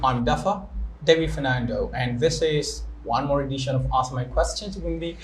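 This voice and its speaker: A man's voice: mid-range voice, normal speed. A young man hosting a live-streamed interview, chatty and playful, who stops to explain pronunciation with examples. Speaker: English teacher and show host. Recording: echoey room, faint noise.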